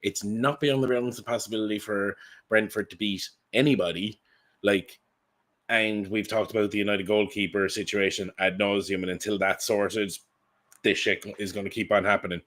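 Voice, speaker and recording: A man co-hosting a football podcast, talking in an animated, rambling way and swearing freely. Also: on the low side, normal speed. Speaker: podcast co-host. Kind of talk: casual football chat.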